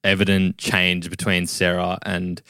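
Smooth-voiced man on a podcast. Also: low voice, monotone, a little slow, bright, forceful tone, no echo, studio quality. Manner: raises points, asks the group questions. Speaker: podcast co-host. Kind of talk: casual film chat.

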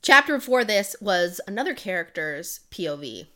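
Bright-voiced young woman recapping a book. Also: medium pitch, sing-song, moderate pace. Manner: rambling retelling full of "like". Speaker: podcast co-host. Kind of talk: casual book-recap chat.

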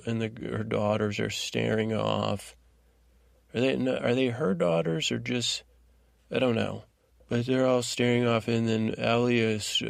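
A man's voice: on the low side, vocal fry, dry recording, clean studio sound. A man hosting a sleep podcast, giving a meandering, rambling bedtime recap that drifts off track. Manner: rambling, digressive, trailing off.

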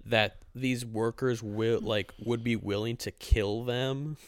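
A man's voice: medium pitch, steady tone, takes it slowly, clear, resonant tone, no echo, studio quality. A young man co-hosting a podcast, chatting casually and jokingly while watching a movie. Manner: joking, talks over his co-host. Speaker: podcast co-host.

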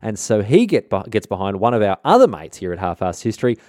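Irreverent, slangy podcast host. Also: male voice, lowish voice, sing-song, fast talker, darkish tone, no room sound, studio quality. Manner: irreverent, rambling, slangy, self-interrupting. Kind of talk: comic history narration.

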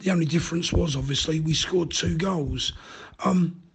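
Husky, higher-voiced man. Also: moderate pace, poor audio. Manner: thoughtful, dryly reasoning. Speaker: caller leaving a voicemail. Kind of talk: casual voicemail.

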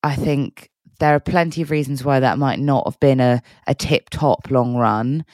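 A woman's voice: rumbling low, steady tone, moderate pace, darkish tone, no echo. A woman co-hosting a podcast, supportive and playful, chatting casually and laughing easily. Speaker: podcast co-host. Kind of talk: casual chat. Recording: dry remote call audio.

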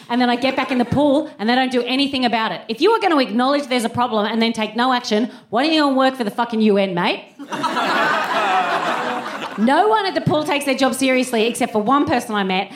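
A woman and podcast host performing live stand-up in a theatre, sardonic and punchy, swearing and chatting with the audience. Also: a little high. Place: theatre stage before a laughing audience. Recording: roomy live venue, audience noise.

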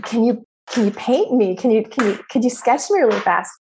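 A woman's voice: fairly high pitch, animated, fairly quick, darkish tone, husky, exaggerated voice. A woman voicing an eager, breathless female fan who stammers as she begs an artist for a sketch. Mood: gushing. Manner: gushing, stammering.

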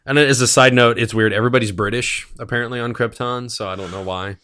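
A man's voice: medium pitch, fairly even intonation, quick pace, pushed and bright. A man co-hosting a casual podcast, animatedly retelling a TV episode and acting out the characters' lines. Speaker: podcast co-host. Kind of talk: casual chat.

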